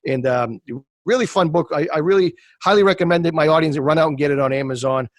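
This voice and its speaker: A man hosting an interview, chatty, with lots of fillers and quick reactions. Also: on the high side, no echo, studio quality. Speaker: podcast host, interviewer. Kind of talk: casual interview.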